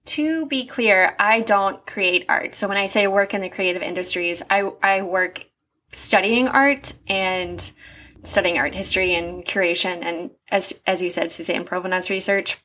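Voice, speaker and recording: A woman's voice: lowish voice, pushed and bright. A young woman co-hosting a podcast, earnest and self-deprecating in a casual chat. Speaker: podcast co-host.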